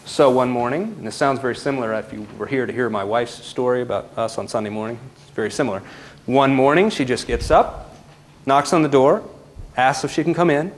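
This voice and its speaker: A man who works as a parenting counselor, telling a story to a live audience with animated shifts between loud and hushed delivery. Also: medium pitch, a little fast.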